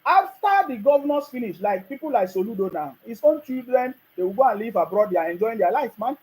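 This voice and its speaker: A man's voice: extremely high pitch, lively intonation, fairly quick, a little mellow, rough recording. A man with a Nigerian accent, delivering a mocking political rant and laughing at his opponents. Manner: mocking, laughs often, scolding the listener. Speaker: political commentator. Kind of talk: ranting monologue.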